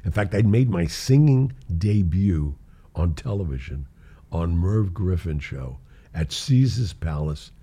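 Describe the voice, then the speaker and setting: An older man tells show-business stories in a casual way, animatedly acting out the voices in them and laughing often. He has a deep, slightly rough voice and speaks a little slowly.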